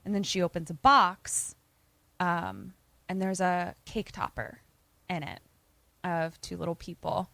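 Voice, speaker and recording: A woman co-hosting a podcast, casually retelling a film plot in an animated way and acting out the characters' lines. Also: on the low side, measured pace, gravelly, dry recording. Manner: animated, acts out quoted lines. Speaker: podcast co-host.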